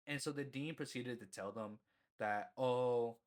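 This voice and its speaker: A young man spins a rambling story from his school days in a casual, loose way. He leans on "you know" constantly and swears freely, and his pitch sits in an ordinary middle range. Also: moderate pace, a bit bright. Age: young adult. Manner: laughs at himself mid-story. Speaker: storyteller vlogger.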